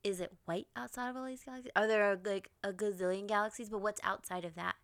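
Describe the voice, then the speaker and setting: A woman's voice: mid-range voice, fairly even intonation, fast, clean tone, no room sound. A woman co-hosting a podcast, wondering aloud and stringing question after question in casual chat.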